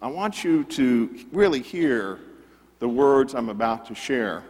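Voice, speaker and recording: A middle-aged man preaching a sermon, conversational and animated, full of rhetorical questions. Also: mid-range voice, unhurried, big-room sound. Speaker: pastor.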